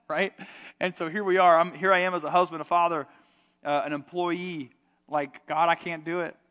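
A man's voice: high-pitched, fairly even intonation, moderate pace, a bit bright. A young adult man preaching a sermon to a congregation, conversational and emphatic, full of rhetorical questions. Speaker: pastor. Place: church sanctuary. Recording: long reverb of a church hall.

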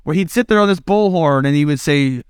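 A man's voice: on the high side, brisk, smooth, dry recording, studio quality. A middle-aged male pastor from the American Midwest, preaching in a conversational, self-deprecating way and acting out quoted lines. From Indiana, United States. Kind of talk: sermon.

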